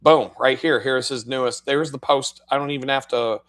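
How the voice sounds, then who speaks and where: On his live stream, this host swaps crude, swear-laden tales from work, telling them with animation and laughter. He speaks at a normal speed in a medium-pitched voice.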